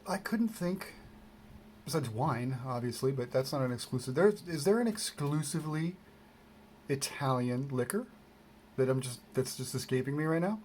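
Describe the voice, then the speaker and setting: A man's voice: medium pitch, lively intonation, normal speed, darkish tone, slight background noise. A man rambling casually through an unboxing, self-deprecating and meandering, with many fillers and restarts, recorded on a desk camera mic. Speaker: vlogger.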